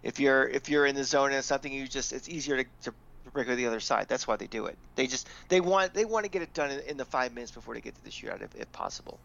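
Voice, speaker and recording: A man's voice: medium pitch, expressive, fast talker, gravelly, a bit bright. A man co-hosting a sports podcast in casual chat, rambling with lots of "you know", with a light Long Island accent. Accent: mixed Long Island and Florida. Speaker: podcast co-host. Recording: slightly dull lo-fi mic.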